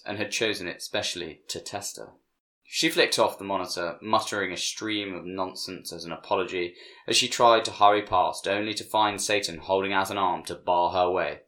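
Male narrator, very low voice, measured storybook reading, hushes for dialogue.

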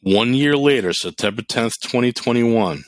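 A man's voice: medium pitch, moderate pace, no room sound. A middle-aged man chatting on a podcast, telling blunt, profane stories with lots of energy. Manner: animated storyteller, blunt and profane. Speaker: podcast co-host. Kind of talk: casual podcast chat.

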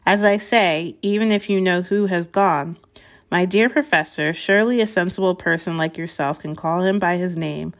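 A woman reading aloud, voicing a calm, gentle old male wizard in a storybook. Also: fairly low pitch, lightly acted. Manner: gentle, unhurried.

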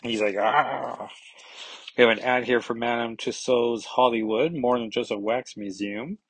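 A man's voice: mid-range voice, moderate pace, husky, no room sound. A man casually recapping a comic book issue, rambling with many fillers and self-corrections.

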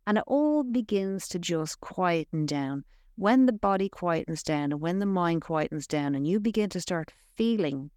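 Low-voiced woman, emphatic spiritual teacher. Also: lively intonation, moderate pace, a little mellow, dry recording, studio quality. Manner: emphatic and repetitive, speaking in short punchy phrases. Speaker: podcast guest, spiritual intuitive. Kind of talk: conversational teaching.

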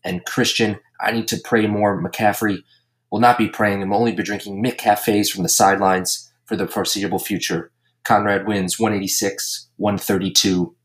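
A man with a very low voice runs a casual comedy podcast. He recaps the week in a crude, joking, deadpan way, roasting everyone in turn. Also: moderate pace. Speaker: podcast host and league commissioner.

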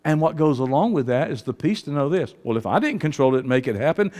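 A male pastor preaching an impassioned sermon, swinging from hushed, low testimony to loud shouting. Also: lively intonation, fast, few pauses.

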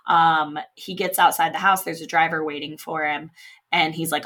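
A young woman co-hosting a podcast, recapping a film in casual chat with frequent laughs and quick quoted lines. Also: low-pitched, little pitch movement, bright, forceful tone. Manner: laughing often, quoting characters in passing. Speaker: podcast co-host.

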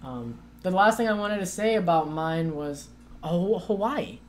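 A woman's voice: lowish voice, a little slow, a little hiss or hum. A woman co-hosting a casual chat, telling a long story with many fillers and acted-out quotes. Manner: animated, acts out quoted voices with lots of "like".

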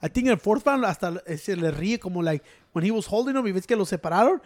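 A man in casual sports chat, talking fast and excitably with slang, switching between English and Spanish mid-sentence. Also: high-pitched.

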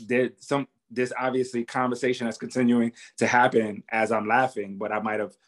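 A man's voice: medium pitch, level tone, fairly quick. A man hosting an interview, speaking in a laid-back, conversational way with plenty of ums. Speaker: interviewer host. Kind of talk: casual interview.

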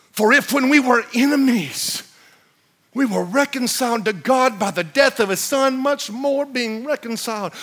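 A man preaching a sermon, shouting repeated refrains, then dropping to a low hush to read scripture in old biblical wording.

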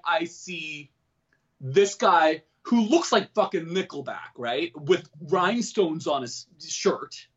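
A man telling a candid personal story in an interview, self-deprecating and joking about dark things. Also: high-pitched, lo-fi sound. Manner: animated, switches into quoted voices. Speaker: comedian and guest.

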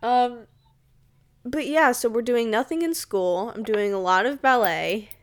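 A young woman co-hosting a podcast in casual chat, with dry, deadpan humor. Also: a little high, measured pace. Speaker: podcast co-host.

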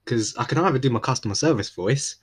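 A young adult man with an East London accent hosts a solo podcast, rambling in laid-back slang and often interrupting himself to restart. His mid-range voice is animated and slightly rough, and he talks fast.

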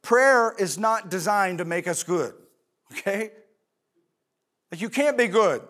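A man's voice: high-pitched, animated, unhurried, a bit bright. A male pastor preaching a sermon in a conversational way, asking rhetorical questions and answering them himself, with fillers and asides.

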